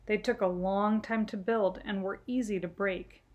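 A woman reading a children's picture book aloud in a gentle, clear storytelling manner. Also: mid-range voice, fairly even intonation, normal speed. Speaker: storytime reader.

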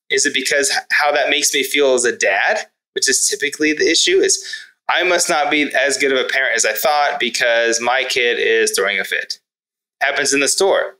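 A man's voice: medium pitch, bright, forceful tone, poor audio. A man, a podcast guest, talking through his ideas on parenting in a reflective way, often posing questions to himself. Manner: reflective, asks rhetorical questions. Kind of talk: conversational podcast talk.

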